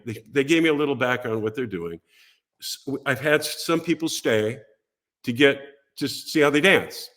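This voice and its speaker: An older man, a guest on a talk show, telling a story with animated storytelling and acting out the voices of the people in it. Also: medium pitch, moderate pace. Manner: lively, acts out voices and quotes in his stories.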